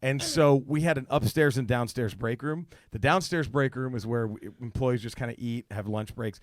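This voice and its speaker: A comedian in his thirties spins an animated, swear-heavy story and chuckles between beats. His voice sits at an ordinary middle pitch. The sound is close and completely dry. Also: moderate pace, no room sound. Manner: animated, profane, laughs mid-story. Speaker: guest comedian.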